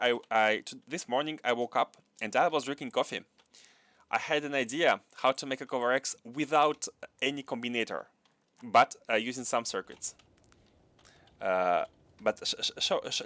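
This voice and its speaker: A man's voice: medium pitch, moderate pace, fairly bright tone, no echo. A man hosting a live gameplay stream. He thinks aloud, repeats his phrases, chuckles often and chats with viewers. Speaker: gaming livestream host.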